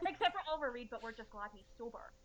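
Opinionated woman co-host, rattles on fast; lo-fi sound. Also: a little high, animated, fairly bright tone. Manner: fast, opinionated, rambling asides. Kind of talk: casual chat.

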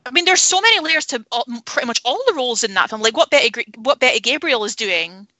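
A woman's voice: fairly high pitch, animated, fast talker, sharp tone, no echo, poor audio. A woman talking candidly about films in a casual podcast chat, opinionated and swearing freely. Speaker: film podcast panelist.

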